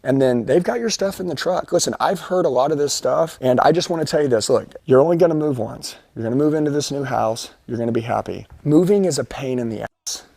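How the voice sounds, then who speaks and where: A man making a persuasive sales pitch over the phone, pushy and reassuring, repeating his promises. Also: fast talker, gravelly, few pauses, darkish tone, slightly rough, dry recording. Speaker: sales trainer on a live sales call.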